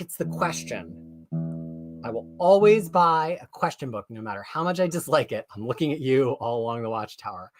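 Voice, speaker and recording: A chatty live-stream host runs through viewer comments in a loose, excitable way. The talk rambles and doubles back with frequent self-corrections, in an ordinary mid-pitched voice.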